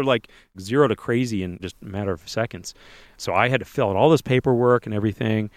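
This podcast co-host has a lowish voice and shares a personal story in a casual interview, doing other people's lines in quick little voices. The recording is studio quality with no room sound.

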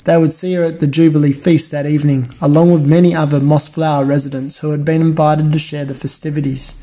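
A man reads a children's storybook aloud at a steady, measured pace and trips over the odd word. His voice sits somewhat high for a man, yet the tone is dark and mellow. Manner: steady, measured, with occasional stumbles. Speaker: reader. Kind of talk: reading a children's novel aloud.

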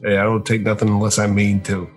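A man's voice: fairly low pitch, completely flat delivery, fast talker, faint music behind. A man playing a goblin at a tabletop game, cocky and swaggering. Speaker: player. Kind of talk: in-character table talk.

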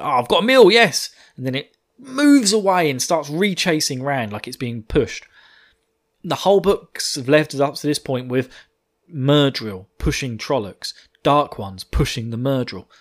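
A man recapping a fantasy novel chapter in a rambling, casual way, often laughing and swearing. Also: mid-range voice. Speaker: book reviewer.

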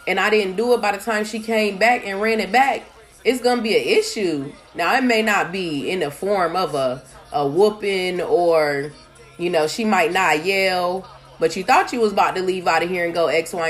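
A woman who is a single mother, talking in a casual, conversational way about raising her kids, with plenty of "you know" and "like" asides. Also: on the low side. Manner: conversational, with many fillers and asides. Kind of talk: casual advice monologue.

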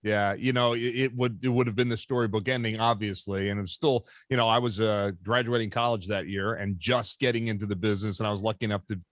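A man's voice: fairly low pitch, fairly even intonation, quick pace, hardly any pauses, fairly bright tone, no room sound, clean studio sound. A man in his fifties hosting a casual interview chat, laughing often and backchanneling. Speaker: podcast host.

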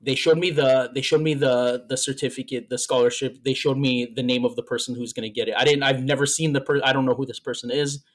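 This man co-hosts a laid-back podcast and rambles through a lengthy story, repeating words and doubling back as he goes. His voice sits at medium pitch with fairly even intonation, and he talks fast with hardly any pauses, sounding moved and slightly breathless.

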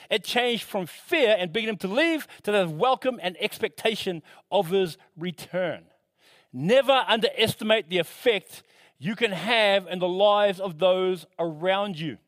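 High-voiced animated male preacher. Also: no room sound. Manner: animated, shifting pitch and loudness for emphasis; conversational, self-correcting with asides. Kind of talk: sermon.

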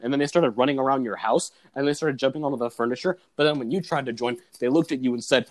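A man's voice: mid-range voice, steady tone, fast talker, dry recording. A young man chatting casually, rambling with lots of filler words as he retells a comedy sketch. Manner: rambling, full of "like" fillers, laughs at his own story. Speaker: student describing his comedy sketch. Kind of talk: casual chat.

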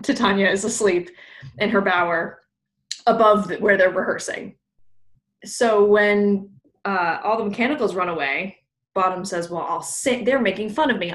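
A woman's voice: on the low side, fairly bright tone, echoey room. A young woman co-hosting a podcast, recapping a play's plot in casual chat, laughing often and acting out the characters' lines with a bit of swearing. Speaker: podcast co-host.

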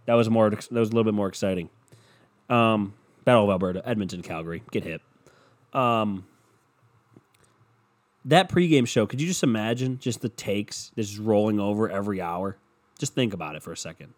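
A man's voice: lowish voice, lively intonation, moderate pace, long pauses. A young man hosting a podcast alone, sick and tired, ranting with sarcasm and a lot of swearing as he jumps between topics. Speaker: podcast host. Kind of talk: casual solo podcast rant.

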